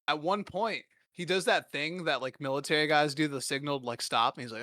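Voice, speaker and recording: A man's voice: on the high side, very animated, fast, pushed and bright, dry recording. A man in his twenties hosting a podcast, telling rambling, profane, self-deprecating stories in a casual comedic way. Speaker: podcast host.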